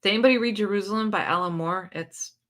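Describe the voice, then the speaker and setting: A woman with a bright, forceful voice hosting a relaxed livestream. She chats loosely, laughs a lot and answers viewer comments as they come in. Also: mid-range voice, fast. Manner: chatty, laughs often, reads viewer comments aloud. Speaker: book channel host. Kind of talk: casual livestream chat.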